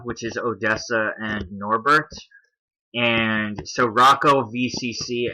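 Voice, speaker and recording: A man's voice: mid-range voice, pushed and bright, poor audio. A man hosting a commentary video, talking through a list on screen in a casual explaining way, with a Canadian accent.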